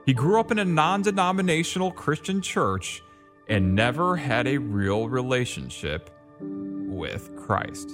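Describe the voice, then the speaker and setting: Male narrator, slow and expressive, scripted delivery over a music bed. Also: medium pitch. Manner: measured storytelling narration.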